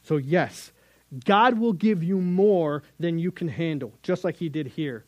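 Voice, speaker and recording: Hombre predicando con voz aguda y seca. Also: male voice, a little high, expressive, moderate pace, a little mellow, dry recording, poor audio. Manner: earnest, conversational preaching with sudden emphatic rises. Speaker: youth Bible teacher. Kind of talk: sermon.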